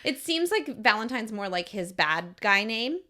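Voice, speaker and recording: A woman's voice: a little high, big pitch swings, measured pace, pushed and bright. A woman co-hosting a podcast in casual chat, giggly and joking in a loose way. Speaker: podcast co-host. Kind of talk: casual book-club chat.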